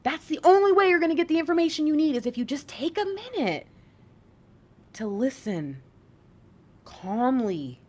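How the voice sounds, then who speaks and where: A woman's voice: high voice, big pitch swings, normal speed, long pauses, a little mellow. A woman giving a casual spiritual card reading, chatty and encouraging, often laughing as she talks. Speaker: intuitive reader.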